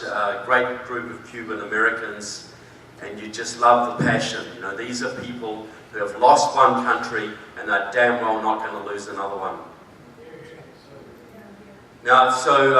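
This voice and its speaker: A New Zealand man with a lowish, pushed, bright voice gives a conference speech in a large hall, emphatic and dryly humorous. The recording is echoey from a distant mic, with a little hiss or hum.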